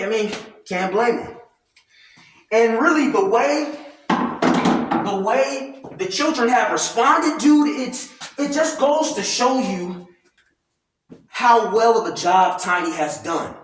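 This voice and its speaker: A man ranting loudly and animatedly in casual commentary, swearing freely. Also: high voice, a little hiss or hum. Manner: loud, animated, profane ranting. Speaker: commentary vlogger. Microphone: camera mic at a distance, no clip-on mic. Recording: very echoey room, voice far from mic.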